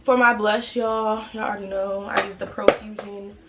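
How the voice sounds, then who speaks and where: A young woman from the Washington DC area chatting while doing her makeup, telling stories in an animated way and putting on playful voices. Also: mid-range voice, moderate pace. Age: young adult. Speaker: beauty vlogger. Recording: noisy home recording.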